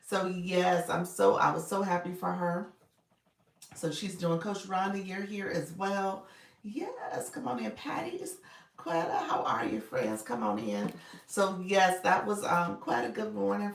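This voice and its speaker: Low, gravelly woman, upbeat livestream coach, chatty, recorded in an echoey room from a distance. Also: animated, unhurried. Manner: upbeat, chatty, greets viewers by name.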